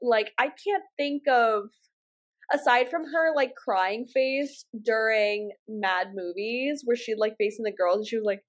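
Podcast co-host, woman, higher voice, animated slangy casual chat with swearing. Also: measured pace.

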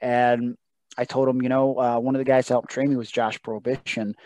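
A man's voice: mid-range voice, level tone, a little fast, a little mellow, dry recording. A man in his thirties, a wrestler as podcast guest, telling a personal story in an earnest, emotional way, acting out what others said. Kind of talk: casual storytelling interview.

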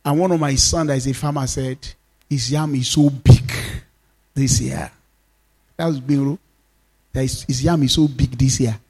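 A man's voice: mid-range voice, steady tone, moderate pace, long pauses, breathy edge. A male pastor with a Nigerian Yoruba accent, leading a fervent prayer sermon in repeated commands and switching between English and Yoruba. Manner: declaring prayers in repeated commands, now and then shouting.

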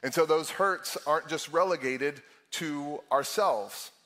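A man's voice: a little high, measured pace, a bit bright. A middle-aged man preaching a sermon as lead pastor, candid and self-deprecating, often laughing and acting out his own thoughts.

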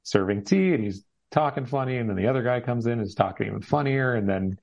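A man chatting casually about a film scene in a halting way, restarting often. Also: mid-range voice, expressive, gravelly, darkish tone. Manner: halting, many fillers and restarts. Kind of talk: casual chat. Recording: dull lo-fi audio.

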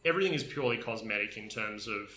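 A man's voice: lowish voice, expressive, fast, pushed and bright, a little hiss or hum. A man co-hosting a casual chat about games, telling stories with enthusiasm and lots of fillers. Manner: enthusiastic, storytelling with many fillers. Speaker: podcast co-host. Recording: roomy echo.

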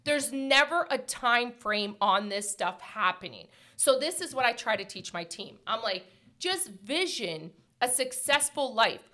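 A woman's voice: fairly high pitch, normal speed, few pauses. A woman in her thirties chatting casually, telling stories emphatically with lots of "like". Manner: emphatic, animated storytelling, frequent "like". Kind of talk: casual chat.

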